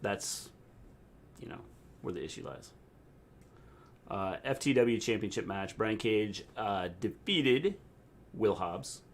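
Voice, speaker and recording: A man's voice: on the low side, expressive, takes it slowly, long pauses, a little hiss or hum. Blunt, dry-humored middle-aged man. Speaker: co-host. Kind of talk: casual livestream chat.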